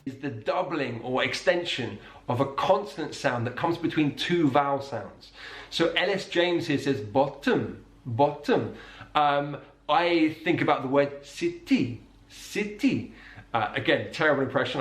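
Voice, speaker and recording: A man teaching a lesson online, explaining things carefully and slowing down to model each sound. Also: mid-range voice, a bit bright. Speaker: accent teacher. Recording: roomy echo.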